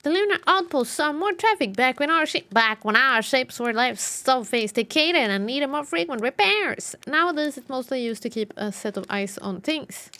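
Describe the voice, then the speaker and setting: Woman reading lonely alien outpost keeper, male, calm, high voice, lively, plain game dialogue. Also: normal speed, few pauses, full character voice.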